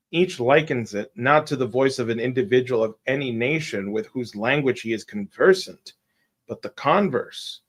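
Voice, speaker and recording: A man reads a classic detective tale aloud on a relaxed live stream. He works through a long, wordy speech, sometimes tripping over a word and starting it again. His voice sits at an ordinary middle pitch. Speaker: co-host reading a classic story aloud.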